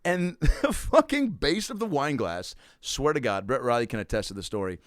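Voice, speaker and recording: Animated man telling a stand-up story. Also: normal speed, no echo, clean studio sound. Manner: animated storyteller, acts out quotes with big pitch jumps. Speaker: comedian guest. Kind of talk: casual storytelling chat.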